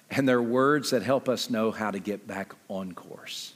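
A man preaching a sermon as pastor, talking conversationally with lively jumps in pitch and quick asides. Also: big-room sound.

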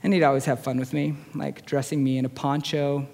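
A man in his forties with a high-pitched voice, a chaplain preaching a storytelling sermon in a conversational, self-deprecating way. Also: level tone, fairly quick, gravelly, a little mellow. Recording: long reverb of a large hall.

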